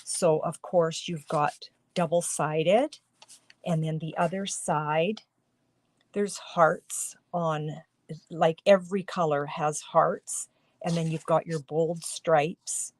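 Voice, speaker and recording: This middle-aged woman has a low, steady voice and takes things slowly as she shows card making on a live stream from her home craft studio. Chatty, she walks viewers through every step, coughing occasionally from a throat tickle.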